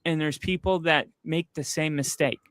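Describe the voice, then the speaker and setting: A man's voice: a little high, normal speed, clear, resonant tone, no echo, clean studio sound. A man casually co-hosting a podcast, telling a long personal story full of fillers and asides. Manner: rambling, animated storyteller with frequent fillers. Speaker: podcast co-host. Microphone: streaming setup, close mic.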